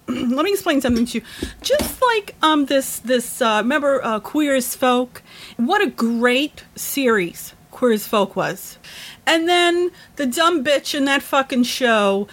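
Furious high-voiced woman ranting. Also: fairly bright tone. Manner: profane, heated and emphatic. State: worked up and emotional. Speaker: vlogger. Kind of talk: angry rant to camera.

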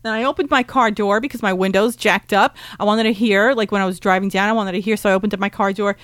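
A woman talks through a casual recap in a loose, animated way, filling her sentences with "like" and "um". She is blunt and now and then profane. Her voice sits at an ordinary middle pitch and sounds close and dry, with no room around it. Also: fast, no room sound. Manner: chatty and animated, with frequent "like" and "um" fillers; blunt and profane, with bursts of laughter. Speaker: vlogger recounting a protest rally.

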